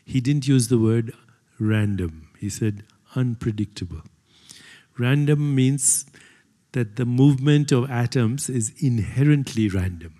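A man's voice: medium pitch, unhurried, dark tone. An older man giving a conversational talk to an audience, lecturing with many fillers and asides. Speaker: speaker. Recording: long hall reverb.

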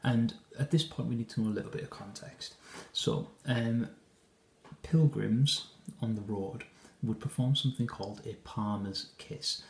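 An English teacher with a medium-pitched, gravelly voice walks his class through a scene of a play, explaining it at an unhurried pace. He hesitates and restarts often, and the recording has a roomy sound.

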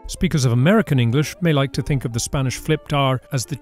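With faint music behind him, a fast-talking man with a medium-pitched voice and few pauses narrates a scripted Spanish lesson. He explains patiently and pronounces each example word carefully as a clear model.

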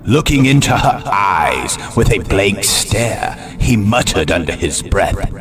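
A man hosting a horror show, narrating a scary story slowly and dramatically, with an ominous tone. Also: lowish voice, very animated. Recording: narration over loud music. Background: music.

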